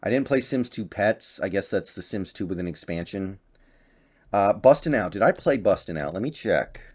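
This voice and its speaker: Speaking in a lower register at a moderate pace, a young gaming YouTuber chats off the cuff in a relaxed, offhand way. He thinks aloud through his tier-list commentary, and a slight cough and voice crack slip in.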